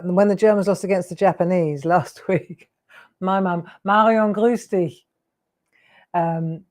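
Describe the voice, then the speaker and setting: A woman's voice: on the low side, a little mellow. A woman in her sixties hosting a live craft show, chatty and rambling with laughing asides. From England. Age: 60s. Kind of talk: live craft demo chat.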